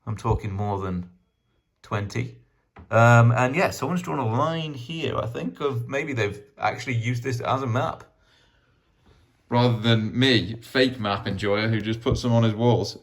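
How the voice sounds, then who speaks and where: A man's voice: mid-range voice, a little slow. A man from Wales, casually rambling and self-deprecating as he shows his map collection in a vlog. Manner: rambling, self-deprecating, chatty with many ums. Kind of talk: casual rambling show-and-tell.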